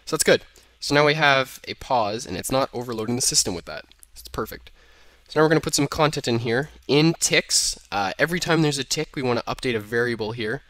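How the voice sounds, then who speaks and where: In a screen-recorded coding tutorial, a young man chats casually about his code, thinking aloud and fixing his own slips as he types. His mid-range voice is animated and fairly bright, moving a little fast with few pauses. The recording has no echo, and keyboard clicks sound in the background.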